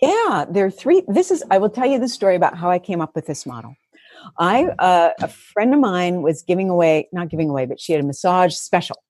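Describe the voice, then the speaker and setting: A woman's voice: fairly low pitch, very animated, fairly quick, darkish tone, no echo, clean studio sound. A woman guest on a casual podcast, telling stories animatedly, laughing often and acting out her own thoughts. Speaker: guest coach.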